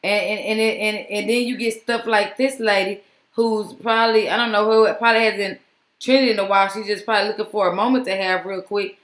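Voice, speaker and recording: A woman's voice: mid-range voice, steady tone, a little fast, fairly bright tone, echoey room. A woman vlogger giving casual, exasperated commentary that rambles with many restarts.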